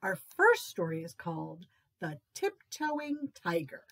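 A woman who works as a children's librarian, reading picture books aloud for children in a slow, expressive storytelling style. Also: fairly low pitch.

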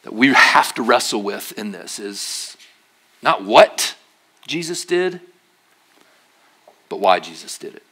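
A man preaching a sermon at church, telling stories with jokes and acted-out voices, then dropping to a quiet, earnest tone for serious points. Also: lowish voice, slow pace, long pauses, breathy edge. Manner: animated, jokey storytelling with acted-out voices. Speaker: pastor.

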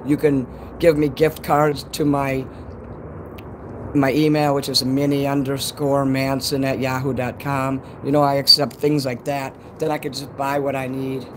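A man's voice: medium pitch, little pitch movement, unhurried, fairly bright tone, slight background noise. A man from Chicago with a Chicago accent, chatting casually on a live stream outdoors at night, rambling and swearing freely. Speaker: livestreamer.

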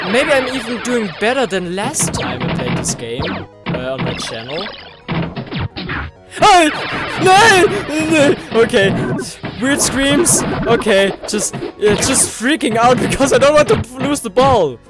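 Excitable young man yelling at a game. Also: high-pitched, moderate pace. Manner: rambling, hesitant when talking to viewers. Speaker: gaming channel host. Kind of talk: let's play commentary. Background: game music and sounds.

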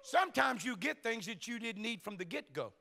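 A preacher delivers a sermon in a church, spinning folksy stories and playing every part himself. His voice sits high and bright, with a gravelly edge running through it. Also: lively intonation, fairly quick. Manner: folksy storytelling preacher, acts out dialogue. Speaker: pastor. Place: church sanctuary.

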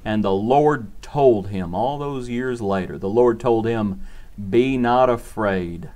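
A man's voice: fairly low pitch, measured pace, warm tone. A man preaching a short devotional sermon in an earnest, repetitive cadence.

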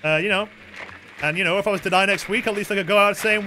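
A man's voice: high voice, quick pace, sharp tone, a little hiss or hum. A tired man streaming a game, rambling and joking with his chat in casual talk. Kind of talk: casual live-stream chatter while gaming.

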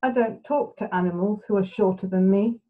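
A woman's voice: medium pitch, a little fast, lightly acted. A woman voicing a haughty, vain female giraffe in a bedtime storybook. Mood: snooty. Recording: tinny phone-like sound.

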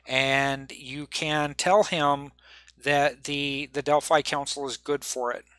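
A man voicing a businesslike male contact on the phone, matter-of-fact and halting. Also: fairly high pitch, steady tone, fairly bright tone, smooth, no echo. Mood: helpful.

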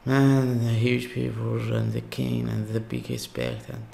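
A man from Algeria with an Algerian accent, reacting to a video in awed, halting English with many exclamations. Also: medium pitch, creaky, mellow, a little hiss or hum. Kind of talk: casual reaction commentary.

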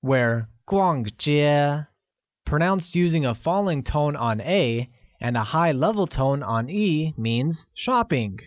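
A man reading a scripted language lesson, slowly spelling out each phrase for learners. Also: medium pitch, dry recording. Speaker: language teacher. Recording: dull, lo-fi voice-over recording.

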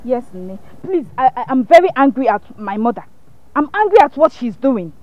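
An aggrieved young sister; lively delivery, lo-fi sound. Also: female voice, a little high, moderate pace. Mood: upset. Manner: complaining. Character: upset young sister angry at her mother. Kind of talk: film drama.

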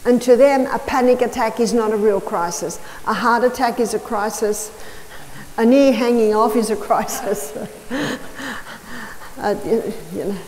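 A woman's voice: on the high side, unhurried, darkish tone. A woman giving a health lecture to an audience, explaining step by step and telling stories with emphatic repetition. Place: large hall or church. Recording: reverberant hall with faint noise.

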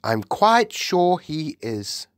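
A man voicing an elderly queen in a storybook reading, sharp, clipped and commanding. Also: fairly high pitch, very animated, drawn-out words, no room sound, clean studio sound, voice pushed up, heavily acted. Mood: composed. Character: regal elderly queen, composed but shaken.

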